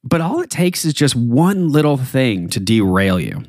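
A man's voice: medium pitch, unhurried, no room sound. Chatty man telling a story, dry sound. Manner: chatty, animated storyteller with fillers. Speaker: podcast host. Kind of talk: casual storytelling.

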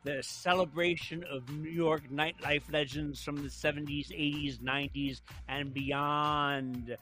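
A man hosting a casual interview chat, animated and laughing often. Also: fairly high pitch, measured pace, soft background music. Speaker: host.

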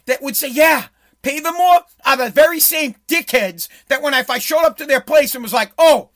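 A man's voice: extremely high pitch, quick pace, pushed and bright. A man who owns a small business, ranting sarcastically and profanely about politics while playing clips. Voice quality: blunt, sarcastic, swears freely. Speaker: commentator, small business owner. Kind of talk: profane political rant over video clips.

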